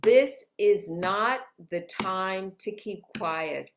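This New York City conversational interview features a woman author as guest, upbeat and motivational, often laughing. Her voice is mid-range and extremely slow, with slight background noise audible.

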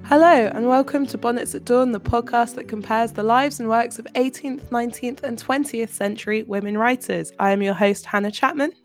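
A woman's voice: on the high side, fairly quick, few pauses, soft background music. A woman podcast host, chatting casually and teasing her co-host. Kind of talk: casual chat.

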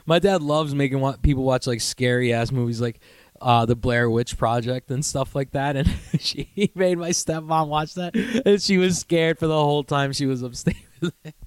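A man's voice: medium pitch, moderate pace, clear, resonant tone, dry recording. A young man from the New York area hosting a podcast, telling a rambling, profane story in casual chat and laughing as he goes. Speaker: podcast host.

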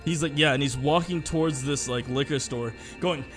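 Young male co-host, rambling storyteller, tense bright tone, loose and profane. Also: on the high side, fairly quick, few pauses, faint music behind. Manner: rambling, heavy filler words and swearing. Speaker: podcast co-host. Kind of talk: casual storytelling chat.

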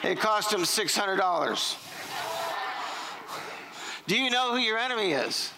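A man's voice: high-pitched, sing-song, measured pace, creaky, noisy background. A middle-aged man, preaching a sermon in a church, telling jokes and stories and quizzing the congregation. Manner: joking, storytelling, quizzing the congregation. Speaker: pastor. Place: church sanctuary.

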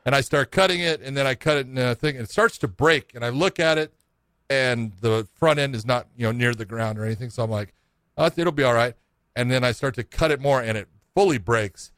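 A man's voice: medium pitch, brisk, fairly bright tone, clear, resonant tone, no echo. A middle-aged man telling a long story in a casual, rambling, self-mocking way, swearing freely.

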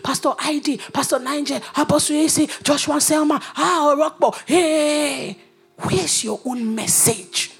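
A woman preaching a sermon, animated and humorous, dropping to whispers and rising to shouts. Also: high-pitched.

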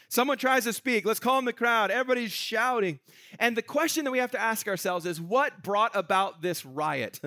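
A man preaching a sermon from Canada, animated, laughing often and acting out crowd voices with many restarts. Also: high-pitched, no room sound. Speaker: pastor.

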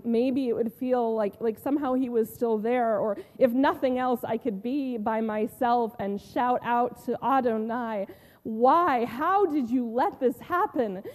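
A female pastor, her voice a little high and close to an everyday voice, portrays a grieving and devoted woman disciple in a first-person sermon retelling. She tells it heartfelt, with long pauses and soft falls, in a large hall.

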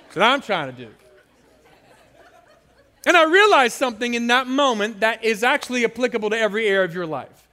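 A man with a high, bright voice delivers an animated sermon. He tells playful stories and calls on the crowd to shout back to him. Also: quick pace. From San Francisco area. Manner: animated, playful storytelling with call-and-response. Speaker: guest pastor.

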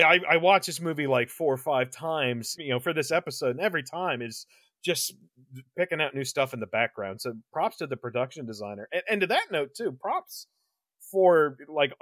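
A man's voice: a little high, expressive, brisk, fairly bright tone, no echo. A man co-hosting a podcast, chatting casually about a horror movie, rambling with lots of restarts and swearing. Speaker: podcast co-host. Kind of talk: casual movie review chat.

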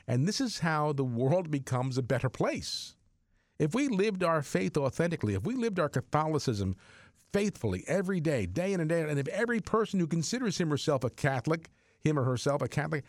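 A man hosting a Catholic radio show, making an earnest, excitable on-air fundraising appeal with frequent restarts. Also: a little high, no room sound, studio quality.

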